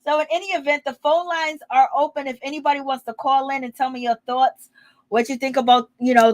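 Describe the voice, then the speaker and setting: Animated woman recapping gossip. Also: fairly high pitch, dry recording. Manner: animated, laughing, dramatic exclamations. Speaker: gossip show host. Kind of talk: casual reality TV gossip recap.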